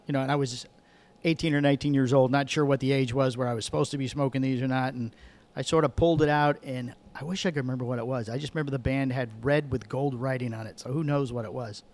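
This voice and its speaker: A middle-aged man from Michigan telling a rambling story as a podcast guest, correcting himself as he goes. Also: mid-range voice. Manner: rambling, self-correcting, chatty. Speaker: guest, cigar sales manager. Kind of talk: casual storytelling.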